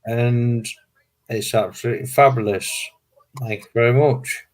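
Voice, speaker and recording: A man's voice: mid-range voice, steady tone, a little slow, rough recording. A man chatting on a livestream, gracious and effusive with thanks. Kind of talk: casual chat.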